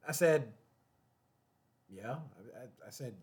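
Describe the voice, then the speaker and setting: A man's voice: medium pitch, moderate pace, long pauses. A man hosting his own show, talking casually and animatedly to the camera, repeating phrases and breaking into laughter. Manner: animated, repetitive, laughing asides. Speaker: show host.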